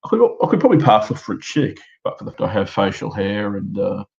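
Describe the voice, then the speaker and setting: A gravelly, fairly low-voiced Australian man in his thirties rambles through a live stream from home. He is halting and self-deprecating, with fillers and restarts everywhere. The sound is dull and lo-fi, like a cheap home setup. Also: sing-song, darkish tone. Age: 30s. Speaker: amateur stand-up comedian. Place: his own house.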